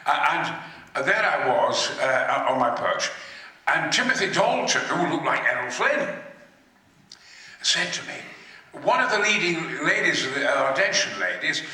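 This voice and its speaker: An older man tells stories on a convention stage in a booming, theatrical, sweary way. His voice is high and forceful. It echoes around a big hall, heard from a distance. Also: expressive, a little slow. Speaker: actor on a convention panel. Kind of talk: anecdotal storytelling.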